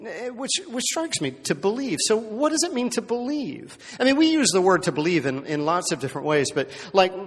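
A man's voice: high-pitched, very animated, a little fast, few pauses. A man preaching a sermon in a conversational storytelling way, often checking in with the listeners and repeating words as he goes. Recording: long hall reverb.

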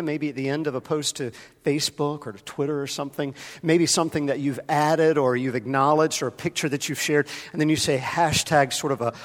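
A man preaching a sermon as pastor, talking casually and addressing members of the congregation by name. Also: a little high. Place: church sanctuary. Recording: long hall reverb.

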